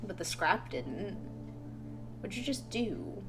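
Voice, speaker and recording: Chatty woman with a lively voice. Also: medium pitch, takes it slowly. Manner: chatty, playful and exclamatory. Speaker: let's play host. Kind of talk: casual gameplay commentary. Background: game music.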